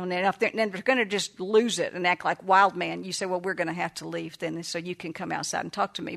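A woman's voice: medium pitch, vocal fry. An older woman, a grandmother and counselor, telling a family story in a chatty way, laughing often and acting out what people said. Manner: warm, chatty, laughs often and acts out quoted voices. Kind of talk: casual storytelling talk.

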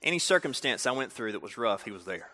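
A man preaching a storytelling sermon, talking directly to the audience in an animated way. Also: medium pitch, quick pace. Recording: reverberant hall.

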